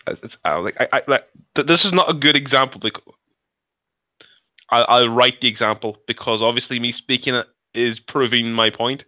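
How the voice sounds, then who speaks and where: A man co-hosting a podcast over a video call, talking in a halting, rambling way with many restarts. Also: medium pitch, bright, forceful tone, no echo. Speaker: podcast co-host. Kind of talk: casual chat. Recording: muffled lo-fi call audio.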